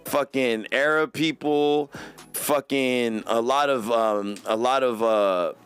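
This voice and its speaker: A man's voice: medium pitch, slow, a bit bright, clear, resonant tone, soft background music. A man hosting a podcast, talking in a rambling, slangy, profane way. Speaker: podcast host. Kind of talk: casual podcast chat.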